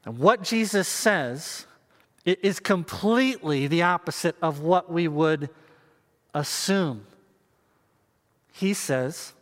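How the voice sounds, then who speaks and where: A man preaching a sermon to viewers, earnest and measured, with pauses and emphatic repetition. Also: high-pitched, a bit bright, long reverb tail. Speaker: pastor.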